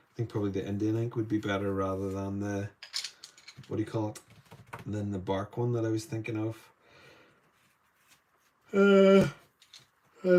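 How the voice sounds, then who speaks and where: A man with a Northern Irish accent, chatting casually as he runs a live painting demo and greets viewers by name. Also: medium pitch. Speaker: art tutor streaming live.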